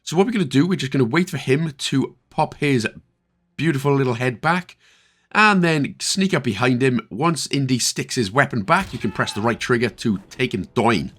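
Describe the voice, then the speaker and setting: Chatty and prone to jokey asides, this Northern Irish man walks through a video game in a casual commentary for his guides. His medium-pitched voice is a bit bright and husky, and he speaks at normal speed.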